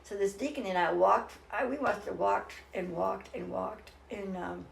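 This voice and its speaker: A woman's voice: medium pitch, normal speed, vocal fry, a little hiss or hum. Older woman telling her story, roomy sound. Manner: earnest, rambling, with many restarts. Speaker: interview guest. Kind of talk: personal storytelling in a casual interview. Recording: roomy echo.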